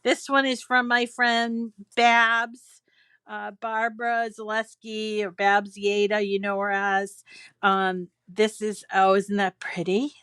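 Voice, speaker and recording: A woman's voice: mid-range voice, flat delivery, slow, a bit bright, clear, resonant tone, no room sound. A woman hosting a crafting channel, chatting casually and gushing as she reads holiday cards from viewers aloud at home. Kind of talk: casual chat reading viewer mail.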